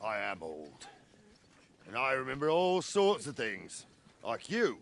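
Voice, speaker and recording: A man's voice: mid-range voice, huge pitch swings, slow, a bit bright, heavily acted. An actor playing an older male captain with a dry, teasing manner.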